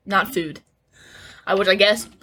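A woman co-hosting a casual podcast, teasing and quick to correct her partner. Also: mid-range voice, steady tone, sharp tone, slightly rough. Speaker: podcast co-host. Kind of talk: casual chat.

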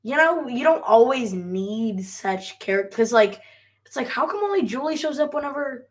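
Lively higher-voiced woman chatting. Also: moderate pace. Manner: chatty, laughs often. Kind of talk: casual chat about a TV episode.

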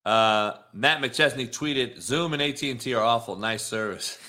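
On a casual sports talk stream, this male host speaks in a mid-range voice at a moderate pace with a sharp edge. He swears freely and rants, fired up, straight at his chat.

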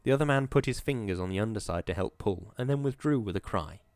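A man narrating a story as an audiobook, in a steady, measured way. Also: lowish voice, no echo.

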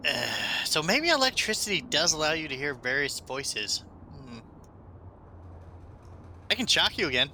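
A man's voice: a little high, measured pace, long pauses, slight background noise. A man playing a tabletop game, joking and bantering in character. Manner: jokey, excitable in-character banter. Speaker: player. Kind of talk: tabletop game play chat.

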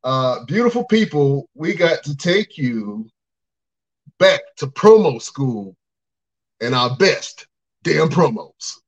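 A man hosting a wrestling podcast, introducing segments and reacting with hyped excitement. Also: on the high side, slow pace. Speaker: podcast host.

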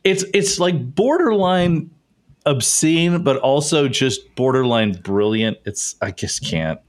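A man hosting a casual sports podcast, excitable and often laughing. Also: mid-range voice, slow pace. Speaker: podcast host.

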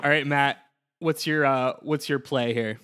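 A man's voice: mid-range voice, steady tone, unhurried, a bit bright, smooth. A man hosting a casual comedy chat, steering the talk with dry quips. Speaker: podcast host.

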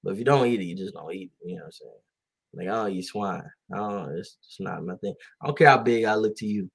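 A man's voice: lowish voice, animated, fast, creaky, breathy edge. A young man in his twenties co-hosting a podcast, telling stories in a laid-back, slangy way and laughing often. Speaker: podcast co-host. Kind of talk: casual chat.

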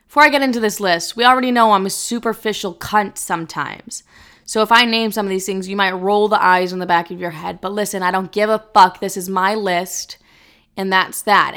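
A woman's voice: mid-range voice, fairly quick, smooth. A woman hosting a solo podcast, talking casually in a blunt, swearing, rambling way. She is sick and running on caffeine. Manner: blunt, profane, rambling and animated. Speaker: podcast host.

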